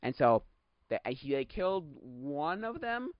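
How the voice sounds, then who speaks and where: This young Quebec podcast host speaks unhurriedly, his voice on the high side with big swings in pitch and no echo. His casual chat wanders, full of self-corrections and exasperated rants, in a dull lo-fi recording.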